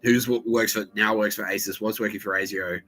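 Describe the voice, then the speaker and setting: A man's voice: on the low side, fairly even intonation, fairly quick, sharp tone, faint music behind, rough recording. An Australian man hosting a podcast, telling a rambling, crude story full of swearing and muttered asides. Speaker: podcast host. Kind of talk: rambling profane monologue.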